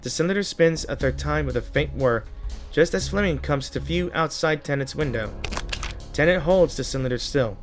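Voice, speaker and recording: A casual gamer man, his voice a touch high, reads a game's story aloud, tripping over words and fixing them as he goes. Game music plays clearly behind him. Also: expressive, moderate pace. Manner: casual, stumbling over words and correcting himself. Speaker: gaming YouTuber.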